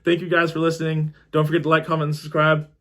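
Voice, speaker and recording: A young man telling a personal story in a casual, animated way, swearing freely and acting out what people said. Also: on the high side, fast talker. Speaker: storytelling vlogger.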